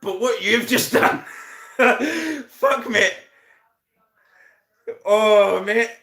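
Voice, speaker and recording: Northern irish guy on a live stream, high voice, cursing and laughing while he roasts people in the chat. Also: expressive, drawn-out words, creaky, sharp tone, reverberant. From Northern Ireland. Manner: laughs constantly, swears, teases viewers by name. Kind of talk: casual live stream banter.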